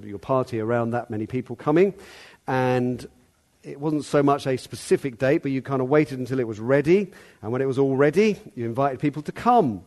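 A man preaching a sermon in a conversational way, now and then calling out loud to act a part. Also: mid-range voice. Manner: conversational, acts out the servant's calls loudly.

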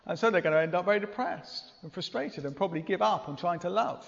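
A man's voice: high-pitched, animated, fast talker, creaky. A man preaching a sermon in a church, earnest and conversational, often asking rhetorical questions. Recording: long reverb, dull lo-fi sound.

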